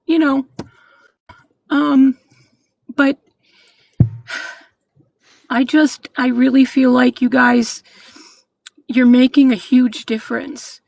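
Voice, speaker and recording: A woman in her sixties calling in to a show, speaking earnestly and haltingly, with frequent restarts. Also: sits high, level tone, vocal fry, darkish tone, dry recording, poor audio. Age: 60s. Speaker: caller. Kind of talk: call-in chat.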